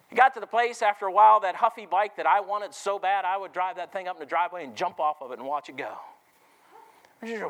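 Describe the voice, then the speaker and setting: A middle-aged male preacher with a high voice delivers a sermon in a church full of people. He tells stories and keeps turning to the congregation with questions. His pitch climbs and swoops as he builds his points. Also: a bit bright. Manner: storytelling, asks the congregation questions.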